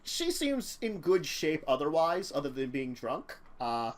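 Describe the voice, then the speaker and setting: A man narrating as game master of a tabletop game, relaxed and halting, with many fillers. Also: on the high side.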